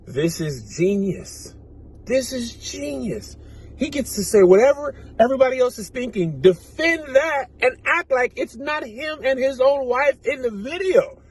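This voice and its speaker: A man giving a comic, incredulous reaction commentary, rambling and animated. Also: extremely high pitch, normal speed, few pauses. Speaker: comedian.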